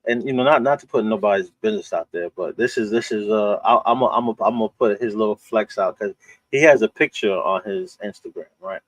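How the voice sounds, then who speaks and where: A man from New York hosting a casual chat and telling stories in a laid-back way, quick to laugh. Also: lowish voice, no echo. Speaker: podcast host.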